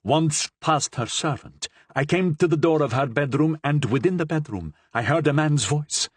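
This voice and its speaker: A man's voice: a little high, expressive, moderate pace, husky, no echo, pitched above the performer's own voice. A man voicing a jealous, hot-headed young marquis who talks in an agitated, indignant way. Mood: insistent.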